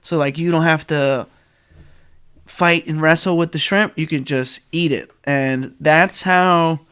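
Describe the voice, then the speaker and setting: A man's voice: a little high, steady tone, slow pace, fairly bright tone, clean tone. A young man with a nasal voice hosting a casual solo podcast, rambling and joking with frequent laughs. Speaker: podcast host.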